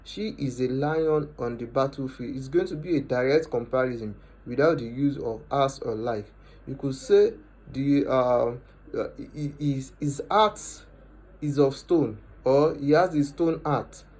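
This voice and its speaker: A man, teaching a lesson and repeating each definition and example slowly for emphasis. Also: medium pitch, a little mellow, low-quality recording. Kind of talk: explanatory lesson.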